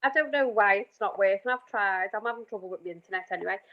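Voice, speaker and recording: A woman's voice: mid-range voice, fast talker. A middle-aged woman counsellor talking candidly on a video call, emotional and rambling with restarts. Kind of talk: casual group discussion on a video call. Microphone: video call, camera off. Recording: muffled video call audio.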